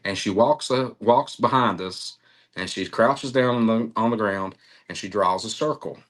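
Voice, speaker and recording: Low-voiced man telling a story. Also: moderate pace. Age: middle-aged. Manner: animated storytelling, acts out quotes, laughs often. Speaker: interviewee, cryptid researcher. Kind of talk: storytelling interview.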